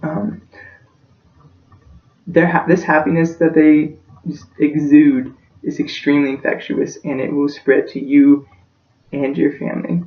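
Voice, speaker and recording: Young man, fairly high voice, heartfelt class speech, roomy echo, muffled mic set back. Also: monotone, unhurried, long pauses. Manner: earnest and emotional, voice close to breaking. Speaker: student giving a class speech. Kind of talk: practice persuasive speech. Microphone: self-recorded from a distance. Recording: echoey room, distant dull-sounding mic.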